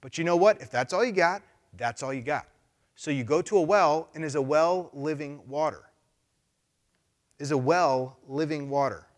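A male pastor giving a casual, animated sermon, acting out voices as he goes. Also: a little high, normal speed. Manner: animated, conversational, acts out voices.

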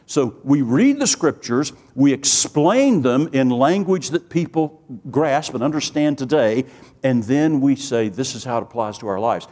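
A man's voice: medium pitch, animated, unhurried, a little mellow, big-room sound. A man preaching a sermon with earnest emphasis, building through rising lists of phrases and telling stories with quoted dialogue.

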